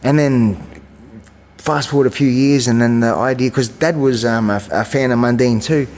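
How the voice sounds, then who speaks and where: A man in his forties tells long stories in a relaxed interview. He rambles through fillers and restarts and acts out what others said. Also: mid-range voice, moderate pace, big-room sound. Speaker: guest, champion kickboxer. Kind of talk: casual storytelling interview.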